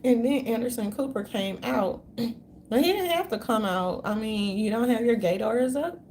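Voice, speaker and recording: A woman rambles through a slangy, profane rant to her viewers, jumping from thought to thought. Her voice sits fairly high and is full of gravelly vocal fry. A faint hum of noise runs under the recording. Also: animated, moderate pace, a little mellow. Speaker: vlogger.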